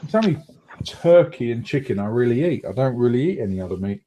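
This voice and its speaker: A man's voice: mid-range voice, big pitch swings, fast talker, warm tone, slight background noise. A man chatting on a stream after a sleepless night and some drinks, laid-back and joking. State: tired and tipsy. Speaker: guest on the stream. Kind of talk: casual chat.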